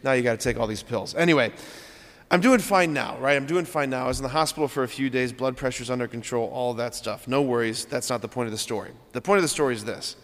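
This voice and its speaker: A man's voice: medium pitch, fast talker, few pauses. Earnest priest in his thirties, church reverb. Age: 30s. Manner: conversational, earnest storytelling with rhetorical questions. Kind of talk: homily.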